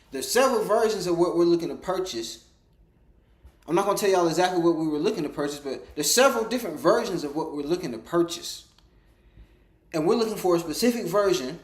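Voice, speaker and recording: Male storyteller, casual rambling monologue, lively delivery, reverberant room. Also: a little high. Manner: rambling, animated, acts out quoted dialogue. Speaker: storyteller vlogger.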